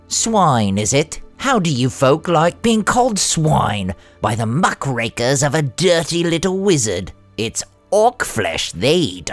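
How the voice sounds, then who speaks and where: Man putting on a sneering orc messenger, sly, spiteful, swooping pitch, slow drawl. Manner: sneering and mocking.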